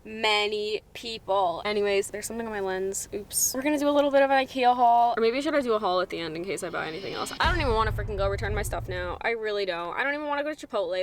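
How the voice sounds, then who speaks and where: A woman's voice: mid-range voice, lively intonation, fast talker, hardly any pauses, a little hiss or hum. A young woman vlogging from her car, chatting with lots of fillers, upset and close to tears. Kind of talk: casual vlog chat. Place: in a parked car.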